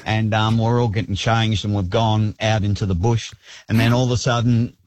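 A man calling a radio show, telling a story in halting, hesitant bursts. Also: on the low side, fairly even intonation, darkish tone, no echo. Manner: hesitant, full of ums. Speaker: caller.

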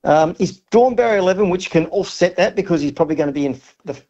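Aussie racing caller, keen and rambling, slightly high voice, muffled phone-in sound. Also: male voice, lively intonation, fast, dark tone. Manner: enthusiastic, rambling tipster. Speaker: racing guest on radio. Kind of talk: casual radio chat. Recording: dull lo-fi phone-in line.

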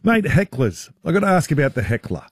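A man's voice: a little high, big pitch swings, fairly quick, husky, no room sound, clean studio sound. A man hosting a radio interview, asking blunt, jokey questions. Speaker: radio host.

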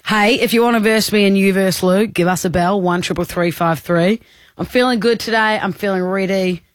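A woman's voice: medium pitch, no echo, studio quality. Playful australian woman radio host. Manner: playful, quick, laughing often. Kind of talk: breakfast radio banter.

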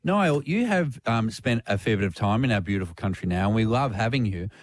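A man with an Australian accent co-hosting a drive-time radio show, playful and teasing in an animated way. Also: fairly low pitch, brisk, a little hiss or hum. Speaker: radio co-host.

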